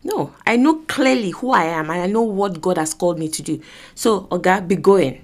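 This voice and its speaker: A woman voicing a calm, firm Jesus. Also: on the low side, moderate pace, voice pushed down. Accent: Nigerian. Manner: firm, plain refusal. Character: calm, resolute Jesus refusing temptation.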